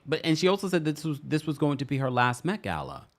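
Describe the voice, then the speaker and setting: A man's voice: on the high side, quick pace. A man, hosting a casual livestream, chatting, laughing and reading viewer comments aloud. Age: 40s. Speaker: host.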